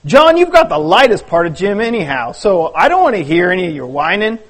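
A stingy, bossy man who grumbles and fires back at his friends, as a man acts him out in a storybook reading. His voice sits high and gets excitable. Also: a little fast, exaggerated voice. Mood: grumbling. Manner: complaining and excitable. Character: thrifty grumbling man, quick-tongued and bossy.

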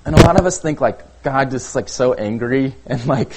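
A man preaching a sermon in a relaxed, conversational way, often checking in with "okay?" and using "like". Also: mid-range voice, moderate pace, breathy edge, poor audio. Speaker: pastor.

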